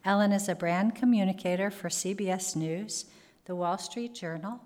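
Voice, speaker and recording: A woman's voice: medium pitch, moderate pace, darkish tone. A woman host formally reading a speaker's introduction at an event. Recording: reverberant hall.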